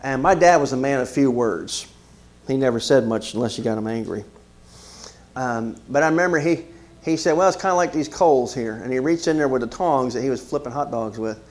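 A man's voice: mid-range voice, brisk. A middle-aged man preaching a sermon, telling a story and turning to the congregation with questions and asides. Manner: animated, conversational preaching with frequent asides to the congregation. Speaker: pastor.

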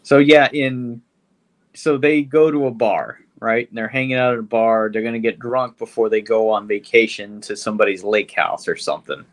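A man's voice: on the low side, fairly even intonation, normal speed. A man co-hosting a podcast, chatting casually and bluntly about a movie, with frequent swearing and "um"s. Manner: blunt, swearing, hesitant with fillers. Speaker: podcast co-host. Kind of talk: casual film chat.

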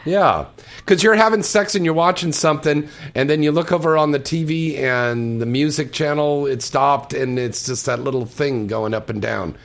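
A man's voice: on the high side, moderate pace, creaky. A man hosting a casual radio chat, playful and teasing with his guests. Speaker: radio host.

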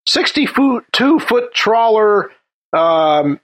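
A man's voice: high-pitched, drawn-out words. A man co-hosting a comedic talk show, telling tall-sounding stories and laughing along as he goes. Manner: animated storyteller, laughing through his tales. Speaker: co-host.

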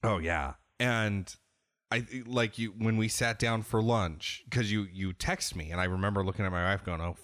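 Low-voiced casual podcast guy. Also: moderate pace, no room sound. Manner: animated storyteller, swears freely. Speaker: podcast co-host. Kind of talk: casual chat.

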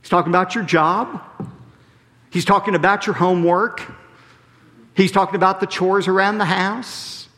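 A man preaching a sermon as a pastor, emphatic, often dropping low and slow on key phrases. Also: steady tone, bright, forceful tone. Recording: preached in a large hall with long reverb.

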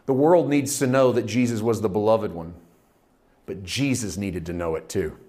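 A man preaching a sermon with impassioned delivery, dropping to a hush and rising to loud emphasis, stretching out key phrases. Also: on the low side, normal speed. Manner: impassioned, swinging from hushed to loud.

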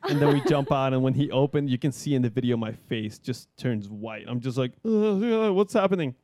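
A man's voice: mid-range voice, little pitch movement, a little fast, warm tone, dry recording. Brief: young adult man, laid-back storyteller, heavy swearing, dry close sound. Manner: laid-back, swears a lot, many fillers, laughs through stories. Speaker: guest skydiver. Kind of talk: casual podcast storytelling.

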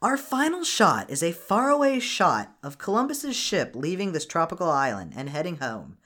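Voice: medium pitch, very animated, moderate pace, a bit bright. A podcast host casually recapping a cartoon movie in a wry, sarcastic way.

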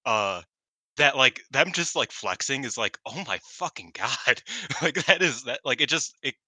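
Excited man with a very bright voice. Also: medium pitch, a little slow, no room sound. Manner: excited, laughing, swearing freely. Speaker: podcast co-host. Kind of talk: casual chat.

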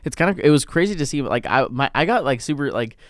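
A man's voice: medium pitch, expressive, fast, dry recording, studio quality. A man co-hosting a podcast, chatting casually, laughing often and trailing off mid-sentence. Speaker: podcast co-host. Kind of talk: casual chat.

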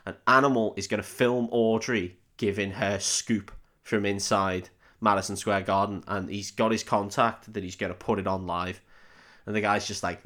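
A man's voice: fairly low pitch, fairly even intonation, moderate pace, fairly bright tone. Rambling, swearing podcast co-host, a man. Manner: rambling, swears freely, laughs while acting out lines. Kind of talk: casual film recap chat.

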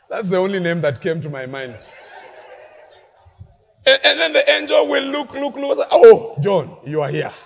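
A male pastor preaching a lively sermon in a large church hall, mixing shouted peaks with playful asides. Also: extremely high pitch, unhurried, creaky, long pauses. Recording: long hall reverb from a church.

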